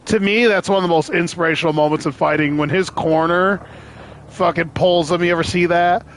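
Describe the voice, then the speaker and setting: A man's voice: sits high, a little fast, slight background noise. A man in casual sports chat, telling stories with lots of swearing and acting out other people's lines. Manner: animated storytelling, heavy swearing, acts out quotes loudly.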